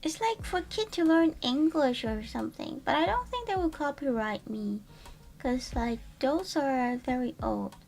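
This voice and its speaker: High-voiced playful woman streamer. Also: expressive, measured pace, vocal fry, darkish tone. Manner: playful, rambling, greets chat. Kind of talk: casual live-stream chat.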